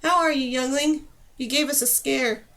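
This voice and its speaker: A calm, caring woman knight in a fantasy audiobook, voiced by the woman reading. She speaks gently with a light teasing edge, in a high voice. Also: moderate pace.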